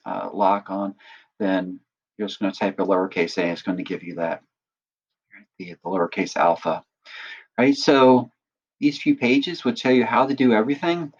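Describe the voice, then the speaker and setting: A man acting as instructor, patiently walking through a software tutorial and often checking in with listeners. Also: medium pitch, lo-fi sound. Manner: patient step-by-step explaining, often checks in with "right?". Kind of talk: screen-recorded software tutorial.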